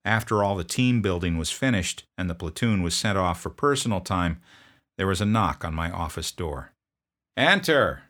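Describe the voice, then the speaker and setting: A man who served as a drill sergeant, telling a story from his service in a gruff, blunt way. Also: sits low, moderate pace, fairly bright tone. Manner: gruff, barking commands when quoting himself. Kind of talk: storytelling narration.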